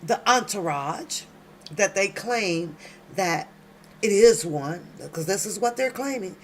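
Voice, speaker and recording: Her mid-range voice is animated yet slow as she hosts late-night commentary from home, working through documents out loud. Every so often she turns to her audience with a loud, slangy, emphatic remark; a slight hiss or hum sits underneath.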